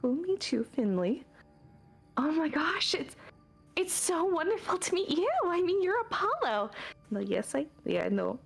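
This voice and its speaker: A woman's voice: medium pitch, sing-song, moderate pace, creaky, few pauses, warm tone, husky, soft background music, heavily acted. A woman voicing an eager, fawning male god who acts like a golden retriever, talking in a rambling, over-eager way. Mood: gushing.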